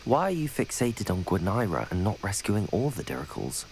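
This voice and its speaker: Polite, inquisitive young wizard. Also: male voice, on the low side, sing-song, moderate pace, a little mellow, a little hiss or hum, poor audio. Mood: calm. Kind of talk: game character dialogue. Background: game music.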